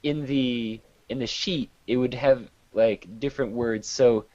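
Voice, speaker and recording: A man's voice: medium pitch, measured pace, darkish tone, no room sound. A man chatting casually on a livestream, rambling with lots of fillers. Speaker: livestream co-host. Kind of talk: casual chat. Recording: muffled lo-fi livestream audio.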